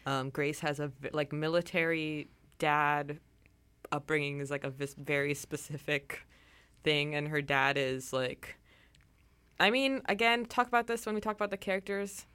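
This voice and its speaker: Bright, clear-voiced young woman. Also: sits low, moderate pace. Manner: chatty, thinking aloud. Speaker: podcast co-host. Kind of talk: casual book discussion.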